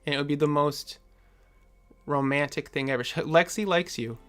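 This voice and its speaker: A man's voice: a little high, moderate pace, fairly bright tone, faint music behind. A man hosting a live stream, chatting casually with viewers and answering their comments in a rambling, jokey way full of fillers and chuckles.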